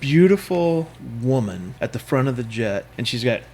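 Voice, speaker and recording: A man hosting a podcast, telling a story in a lively casual way, acting out what people said and dropping to a whisper for asides. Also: medium pitch, moderate pace, slight background noise. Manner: animated, acts out voices in anecdotes, whispers asides. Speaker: podcast host.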